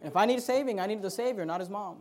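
A man's voice: sits high, fast, a little mellow. A man preaching a sermon as a pastor, in an emphatic, conversational way with frequent restarts.

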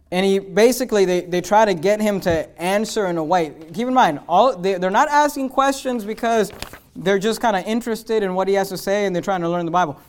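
A man, a pastor, preaching a sermon in a fervent way, mixing chatty asides full of restarts with loud, emphatic passages that build up. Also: high-pitched. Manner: conversational asides with fillers and restarts.

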